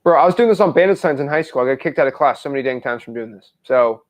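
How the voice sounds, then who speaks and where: A young man coaching a caller on a call, pushy and repeating lines slowly word by word. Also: medium pitch, lively intonation. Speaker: wholesaling coach.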